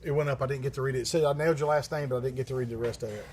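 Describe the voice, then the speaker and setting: A man's voice: mid-range voice, steady tone, very fast, darkish tone, slightly rough. A man hosting a livestream who answers viewer questions in a rambling, joking way, swearing often and using many fillers. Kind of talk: casual live-stream chat.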